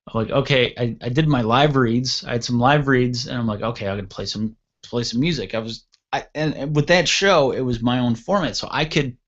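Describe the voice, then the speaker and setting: A man hosting an internet radio talk show, spinning a rambling anecdote with blunt, offhand swearing. His voice sits at a middle pitch for a man. The recording sounds a little dull and lo-fi. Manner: blunt, casually profane. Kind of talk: casual storytelling chat.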